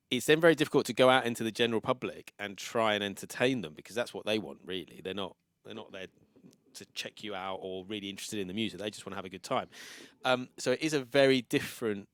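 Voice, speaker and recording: A man hosting a casual podcast chat, relaxed and playful, often ending his thoughts with a tag question. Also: on the low side, dry recording. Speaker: podcast host.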